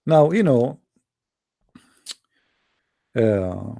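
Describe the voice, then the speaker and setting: A man hosting a debate show, talking off the cuff to his listeners with a gravelly, dark tone. He is emphatic and mocking and says things over again, in a dry, close sound. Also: mid-range voice, very animated, drawn-out words, no room sound. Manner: emphatic, mocking, repeats himself. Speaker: host of an online debate show. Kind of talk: casual monologue to a live audience.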